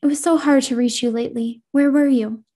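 A woman voicing a trapped, needy ghostly young girl who speaks in a hushed, pleading, clinging way. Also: sits high, steady tone, brisk.

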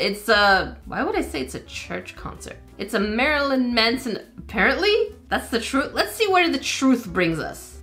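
A woman's voice: a little high, very animated, normal speed, bright, forceful tone, faint music behind. A woman hosting a let's-play gaming video, chatty and often confused, talking to her viewers. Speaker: gaming channel host. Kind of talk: casual let's-play commentary. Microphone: desk microphone.

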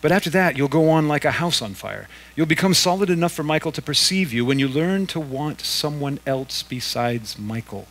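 A man voicing a patient, gentle spirit brother. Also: on the high side, lively intonation, moderate pace, few pauses, pitched above the performer's own voice, low-quality recording. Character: patient, kindly male spirit, her brother.

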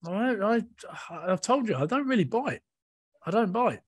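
A man with a fairly high voice, recorded dry and close with no room sound. He chats casually on a rugby podcast panel and tells animated stories full of laughter and acted-out quotes. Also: a little slow, husky, dry recording.

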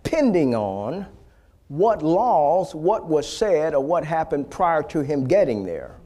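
A male pastor preaching a fervent sermon, repeating phrases and building to loud exhortation. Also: on the high side, sing-song, slow.

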